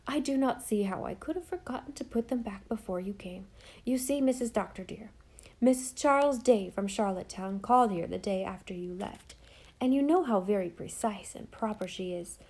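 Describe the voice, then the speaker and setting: A woman voicing a fussy, devoted middle-aged housekeeper who talks in an earnest, old-fashioned, dramatic way, with a mellow tone. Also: mid-range voice, normal speed, lightly acted.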